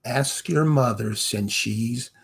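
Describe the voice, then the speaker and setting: Gravelly, slow-talking man ranting. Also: medium pitch. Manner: confrontational, fires rhetorical questions at the viewer. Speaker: online commentator. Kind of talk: ranting commentary to camera.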